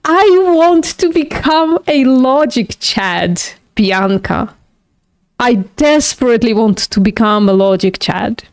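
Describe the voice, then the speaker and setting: A woman's voice: a little high, animated, slow pace, no echo, clean studio sound. A woman hosting a live stream, chatting casually with viewers, swearing and laughing at herself. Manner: casual, swears, laughs often, self-mocking. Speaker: livestream host studying logic.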